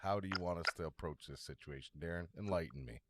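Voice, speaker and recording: Low-voiced man playing a tabletop game. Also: fast, heavy background noise. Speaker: player. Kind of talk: casual tabletop game chat.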